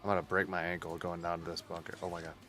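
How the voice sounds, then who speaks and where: A man's voice: sits low, little pitch movement, rapid-fire, music in the background. A man giving casual running commentary while playing a survival game, muttering and swearing under his breath as he sneaks along. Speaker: gaming streamer.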